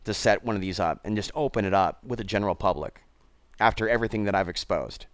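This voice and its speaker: A man's voice: fairly low pitch, fast, no echo. A man hosting his own channel, talking bluntly and digressively straight to his viewers. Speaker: channel host. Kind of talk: rambling commentary.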